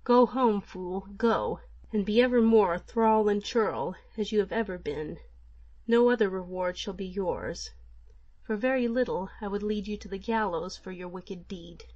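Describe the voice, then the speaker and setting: A woman voicing a cruel, treacherous male earl who speaks low, cold and scornful. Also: unhurried, a little mellow, muffled recording, lightly acted.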